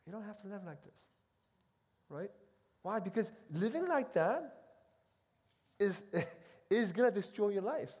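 A middle-aged man and seminary professor giving a casual, animated talk at a retreat, moving between loud and soft as he acts out quoted voices. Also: sits high, unhurried, pauses often, breathy edge. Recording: long hall reverb.

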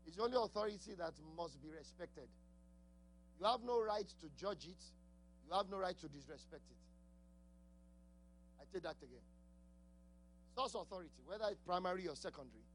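Over slight background noise, a high-voiced man with a non-native English accent delivers a sermon. He repeats important words, asks his congregation questions, and laughs frequently.

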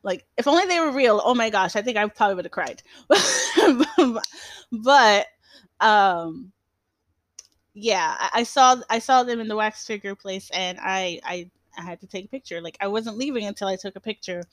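A woman's voice: medium pitch, animated, moderate pace, dry recording. A young woman hosting a casual solo podcast, rambling with lots of fillers and restarts and laughing often. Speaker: podcast host.

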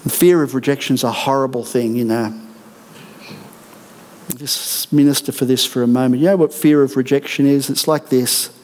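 A middle-aged man serving as senior pastor delivers an earnest, emphatic sermon full of repeated declarations in a church auditorium. His voice is medium-pitched, steady and a little mellow, moving at a moderate pace.

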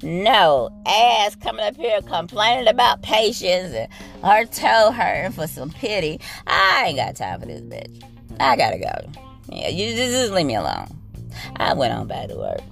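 A low-pitched woman with a gravelly edge tells a work story as a nurse, in a blunt and profane rant. Her delivery swoops up and down with sassy asides to listeners. Faint music plays behind her. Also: huge pitch swings, a little slow, fairly bright tone.

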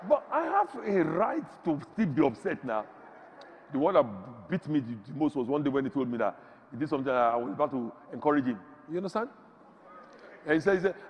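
A man from Africa preaching a sermon as pastor, with sudden shouts and big swings in his voice. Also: a little high, in a large hall, muffled recording, a little hiss or hum.

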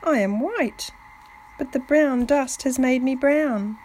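A woman voicing a cheerful young male duck in a storybook reading, in a bright, polite way. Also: high-pitched, slow, a little hiss or hum, voice pushed up, rough recording.

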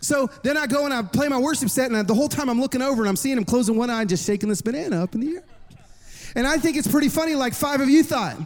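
A man in his thirties preaching a sermon to a congregation, telling a lively personal story with jokes. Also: very high voice, very fast. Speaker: worship pastor. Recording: long reverb of a large hall.

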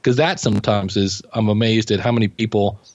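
A man's voice: on the low side, steady tone, brisk, darkish tone, no echo. A man guest on a podcast, chatting casually and rambling through anecdotes, acting out what he said back then. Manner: rambling anecdotes, acting out his own past remarks. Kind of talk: casual storytelling conversation. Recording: dull dry lo-fi audio.

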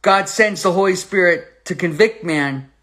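A man with a high-sitting, fairly bright voice gives sermon-style Bible teaching. He reads scripture aloud with slow emphasis and fires rhetorical questions at his listeners.

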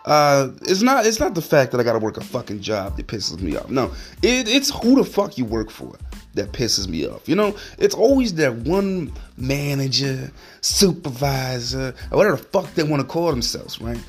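A man's voice: medium pitch, big pitch swings, normal speed, slightly rough, soft background music. A man hosting a solo podcast, ranting in a heated, profane, rambling way. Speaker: podcast host.

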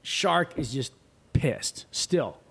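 Animated surfer man telling a story. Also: fairly high pitch, drawn-out words, vocal fry, breathy edge. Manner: animated, acts out quoted voices, swears freely. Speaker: guest. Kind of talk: casual storytelling.

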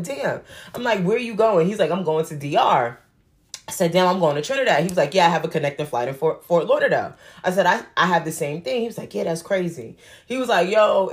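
A young woman with a slightly low voice tells a story to her viewers in a loose, slangy way. She is animated and chatty, and she often turns to the audience to talk to them directly. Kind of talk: casual storytime vlog.

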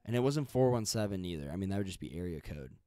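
A man's voice: low voice, animated, fast talker, warm tone, smooth, no echo, clean studio sound. A young man hosting a podcast, chatting casually and rambling with lots of fillers and restarts. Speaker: podcast host. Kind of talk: casual chat.

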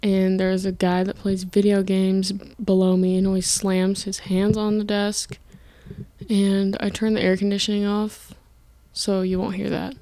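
A woman's voice: medium pitch, completely flat delivery, measured pace, mellow. A young woman in college hosting a casual solo podcast from her dorm room, rambling and chatty, often stopping to correct herself. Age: young adult. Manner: rambling, self-interrupting, chatty. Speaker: podcast host. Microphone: podcast mic, filmed for video.

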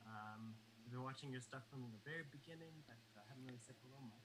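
Quick-talking man on a call. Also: mid-range voice, background noise. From Canada. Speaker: caller. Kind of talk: casual chat on a video call. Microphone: video call audio.

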